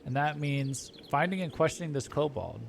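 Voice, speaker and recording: A man's voice: fairly high pitch, lively intonation, vocal fry, a little hiss or hum. A man reading a formal young scholar. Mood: earnest. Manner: reading formal game dialogue aloud, brisk.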